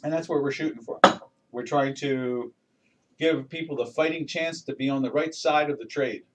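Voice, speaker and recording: A man's voice: mid-range voice, moderate pace, far from the mic, noisy background. An older man hosting a live trading webinar, talking through charts in a folksy, rambling way with many restarts and fillers. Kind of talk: casual live market commentary.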